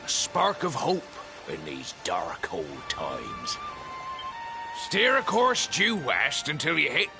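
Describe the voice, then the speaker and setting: An actor voicing a folksy, kindly old fisherman in a video game, with a gravelly, rustic way of speaking. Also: mid-range voice, full character voice. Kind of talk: game voice acting. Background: game music.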